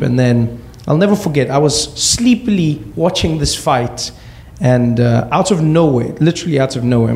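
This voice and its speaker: A man from Africa telling a comic personal story with wry, deadpan asides. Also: mid-range voice, moderate pace, creaky.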